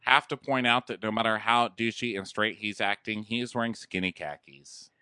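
A man's voice: lowish voice, steady tone, moderate pace, sharp tone, smooth, no echo, studio quality. A man co-hosting a casual recap chat, sarcastic and crude in a mocking way. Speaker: podcast co-host.

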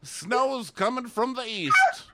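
A man's voice: very high voice, wildly swooping pitch, slow, heavy background noise, voice pushed up, full character voice. A man putting on a folksy, boastful old male construction worker who delivers corny lines. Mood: folksy bragging. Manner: cheery, punchline-driven, jokey.

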